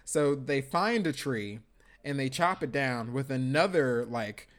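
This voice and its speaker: A man at an ordinary middle pitch, walking through a movie plot on a podcast. He chats in a loose, easygoing way, with "like" and "uh" and soft chuckles along the way. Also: a little slow. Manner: relaxed plot-recapping with fillers and chuckles. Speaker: podcast co-host. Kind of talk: casual movie-review chat.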